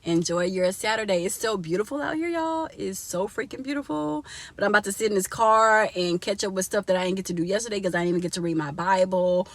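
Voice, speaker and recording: A woman's voice: mid-range voice, fast talker, no echo. A young woman vlogging casually from inside a car, chatty and laughing often as she talks to her viewers.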